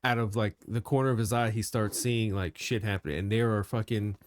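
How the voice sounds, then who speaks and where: A man's voice: lowish voice, fairly even intonation, brisk, dry recording. A man co-hosting a podcast, retelling a story in casual, laughing chat. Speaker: podcast co-host.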